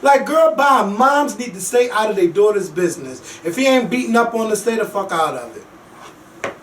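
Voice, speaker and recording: A man hosting a casual talk show, ranting bluntly and profanely about reality TV, with lively swings in loudness. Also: sits high, moderate pace, a little hiss or hum. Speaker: podcast host. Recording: echoey room, mic at a distance.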